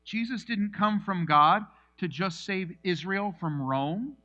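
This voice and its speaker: High, bright-voiced animated pastor. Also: male voice, slow, lo-fi sound. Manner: animated storytelling, acts out scenes. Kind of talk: sermon.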